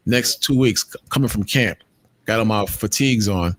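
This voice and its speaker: A man's voice: lowish voice, moderate pace, no echo. A man telling street stories in casual chat, acting out others' lines in raised voices. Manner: animated, acts out street dialogue in raised voices.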